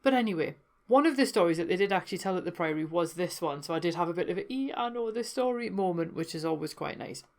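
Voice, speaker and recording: A woman's voice: fairly low pitch, quick pace, darkish tone. A woman hosting a folklore podcast, telling legends in a chatty way with wry asides. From North East England. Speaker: podcast host. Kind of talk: casual folklore storytelling.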